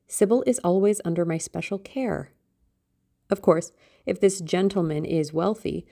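A woman's voice: lowish voice, vocal fry, dark tone. A woman voicing a vain, theatrical middle-aged mother with a genteel, self-satisfied manner.

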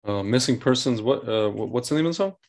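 A man's voice: mid-range voice, lively intonation, fast talker, darkish tone. A man co-hosting a casual podcast, agreeable and blunt, who chimes in often. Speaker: podcast co-host.

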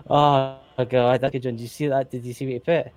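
A Scottish man co-hosting a casual podcast chat, animated and swearing, repeating himself when worked up. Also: medium pitch, quick pace. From Scotland. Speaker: co-host.

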